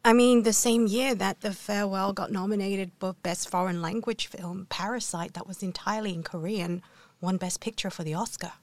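A woman's voice: medium pitch, steady tone, moderate pace, darkish tone, no room sound. A woman guest in an interview, answering thoughtfully and filling her sentences with "like, you know.". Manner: thoughtful, hedging with fillers.

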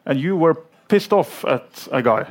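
A man's voice: fairly high pitch, animated, unhurried. A man hosting a talk show who passes on messages and prompts his guest's stories.

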